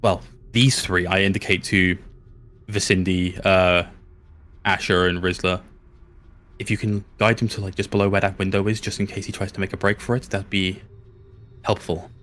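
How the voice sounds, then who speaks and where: A man playing a tabletop game, speaking in a polite, measured way in character. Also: deep voice, flat delivery, a bit bright. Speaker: player.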